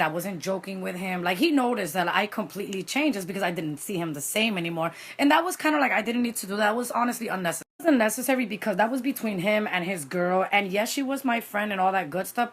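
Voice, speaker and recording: A woman telling a personal story in a casual vlog, animated and dramatic, with Spanish phrases mixed in. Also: mid-range voice.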